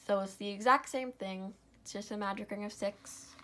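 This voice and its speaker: A woman's voice: medium pitch, steady tone, normal speed, fairly bright tone. A young woman hosting a step-by-step craft tutorial, tired and yawning, apologizing as she talks through each stitch.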